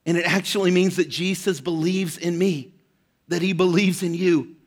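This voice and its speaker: A man's voice: sits high, fairly even intonation, normal speed. A man preaching a sermon as pastor, impassioned, his voice rising when he speaks the quoted words. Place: church hall.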